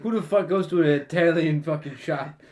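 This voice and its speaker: A man's voice: on the high side, moderate pace, darkish tone. A young man co-hosting a podcast, laughing and teasing a friend in banter. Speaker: podcast co-host.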